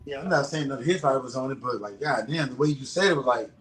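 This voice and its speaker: Blunt, profane retired boxer, echoey room. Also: male voice, mid-range voice, fast talker, fairly bright tone. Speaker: retired pro boxer, interview guest. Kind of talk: casual conversation.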